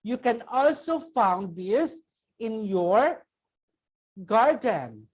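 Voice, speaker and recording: A woman's voice: a little high, animated, darkish tone, husky. A woman teacher with a Filipino accent giving a children's vocabulary lesson, speaking patiently and repeating each word for pupils to say back. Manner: slow, patient, repeats words for pupils to echo.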